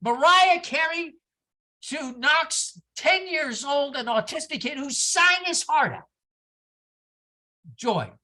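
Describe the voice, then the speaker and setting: At a church service, a woman minister preaches a sermon, telling stories animatedly with exclamations and asides to the congregation. Her voice sits high, and she speaks slowly with long pauses.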